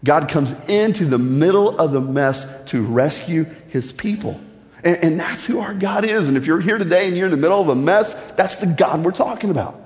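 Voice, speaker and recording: A man preaching a sermon as pastor, talking in a conversational, joking way and telling stories with lively energy. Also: a little high, fairly quick. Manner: conversational and joking, building to animated storytelling. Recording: echoey church hall.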